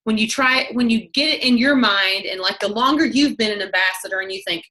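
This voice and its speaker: A woman leading a team training call, talking fast in a chatty way and often breaking off mid-sentence. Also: mid-range voice, bright, forceful tone. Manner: fast, chatty, self-interrupting. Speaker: network marketing team leader.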